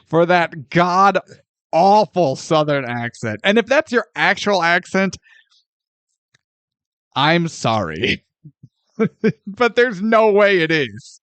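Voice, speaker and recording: Animated, sarcastic male podcast host. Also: sits high, takes it slowly, long pauses, smooth, no echo. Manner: animated, sarcastic, swears freely. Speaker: podcast host, film reviewer. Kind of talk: casual film review chat.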